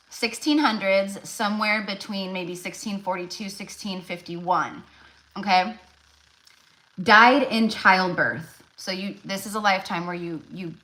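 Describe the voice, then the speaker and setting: A woman's voice: medium pitch, fairly bright tone, poor audio. A woman giving casual live tarot readings, chatty and loose, full of fillers and restarts. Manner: chatty, many fillers and restarts, laughs often. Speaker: tarot reader.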